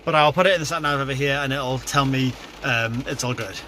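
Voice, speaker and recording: A man's voice: mid-range voice, fairly quick, sharp tone, a little hiss or hum. A young man vlogging about his day, chatty and self-deprecating, talking his thoughts aloud. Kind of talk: casual vlog narration.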